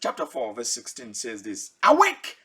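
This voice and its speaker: A man's voice: a little high, very animated, slow, fairly bright tone, breathy edge. A man preaching a Bible teaching sermon, asking his listeners direct questions and chuckling now and then.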